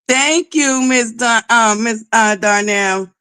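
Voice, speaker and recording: A woman hosting a livestream, loud and belligerent, who swears nonstop while greeting viewers and pushing for likes. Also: fairly high pitch, takes it slowly, clear, resonant tone. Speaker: livestream host. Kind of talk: profane live-chat commentary.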